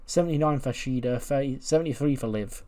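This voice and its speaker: A man's voice: medium pitch, brisk, mellow. A man casually narrating a wrestling management game, recapping results in a chatty way.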